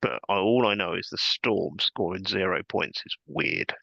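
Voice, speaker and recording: Gravelly low-voiced man, dry sound. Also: normal speed, no echo. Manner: relaxed, rambling, chuckles often. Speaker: podcast host. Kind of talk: casual chat. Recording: dull lo-fi sound.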